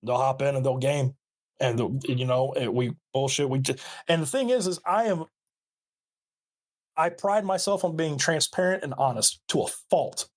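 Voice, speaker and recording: A man guesting on a podcast, talking earnestly and swearing casually. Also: medium pitch. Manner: earnest, profane, fast bursts.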